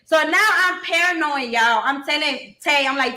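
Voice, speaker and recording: A woman's voice: high voice, normal speed, few pauses, sharp tone, echoey room, slight background noise. A woman telling her own story bluntly and emotionally, swearing freely and talking straight to her listeners.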